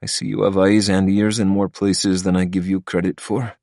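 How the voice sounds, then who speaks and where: A guarded man speaks in a hushed, measured tone on the phone, voiced by an audiobook narrator. His voice stays deep and close, with no room sound around it. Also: flat delivery, vocal fry, no room sound.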